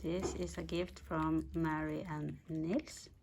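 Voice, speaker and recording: A woman's voice: low-pitched, little pitch movement, creaky, a little mellow, a little hiss or hum. A woman, talking fondly to her pet in a casual home vlog, often giggling. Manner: giggly, affectionate, slow-spoken. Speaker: pet owner vlogger.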